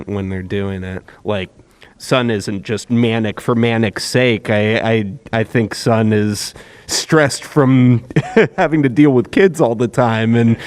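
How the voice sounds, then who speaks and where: Brief: playful voice actor at a panel mic, mid-pitched, easygoing banter. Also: male voice, a little mellow. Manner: joking, quick laughs, restarts. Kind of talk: casual panel chat. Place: convention panel room.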